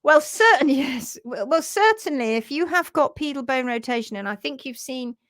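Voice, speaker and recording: A woman's voice: high-pitched, expressive, normal speed, a bit bright. A woman presenting a casual live stream on hoof care, chatty and giggly.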